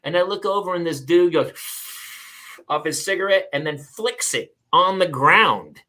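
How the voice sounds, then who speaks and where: Lively bright-voiced man telling stories. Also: sits high, unhurried. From California. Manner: animated storyteller, acts out other people's lines. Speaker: podcast host. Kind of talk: casual chat.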